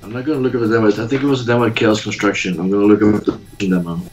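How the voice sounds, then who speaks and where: A man's voice: fairly low pitch, fairly even intonation, very fast, darkish tone, soft background music, poor audio. A man guesting on a casual livestream chat, enthusiastic and laughing as he talks. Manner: enthusiastic, laughs while talking.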